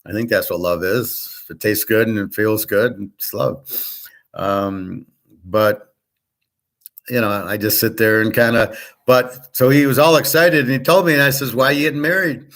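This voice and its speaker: A man's voice: lowish voice, steady tone, unhurried, fairly bright tone. Blunt, rambling man talking off the cuff. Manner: blunt, profane, rambling with frequent restarts. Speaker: show host. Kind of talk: casual rambling monologue.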